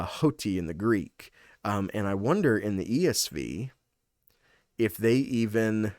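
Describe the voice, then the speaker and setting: A man's voice: mid-range voice, no room sound, studio quality. A man in his thirties, a pastor, walking through a passage in a casual teaching style, thinking aloud with many fillers and restarts.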